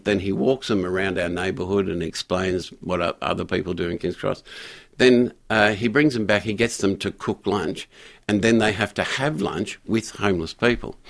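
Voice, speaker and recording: An older man telling a story in a radio interview, halting with frequent restarts and fillers. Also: low-pitched, creaky. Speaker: guest, community pastor.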